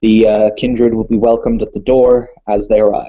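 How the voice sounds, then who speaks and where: A man's voice: fairly low pitch, little pitch movement, moderate pace, mellow, dull audio. A man narrating as game master of a tabletop role-playing game, describing scenes theatrically and often correcting himself.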